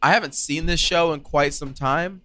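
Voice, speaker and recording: A man's voice: on the high side, normal speed, sharp tone. A young man co-hosting a casual chat, teasing his friends and explaining a party game. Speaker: co-host.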